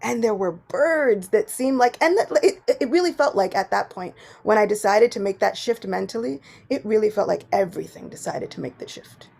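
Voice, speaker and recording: A woman giving a devotional morning class, telling personal stories with animated swings between soft and loud. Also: medium pitch, normal speed, creaky, hardly any pauses. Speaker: class speaker.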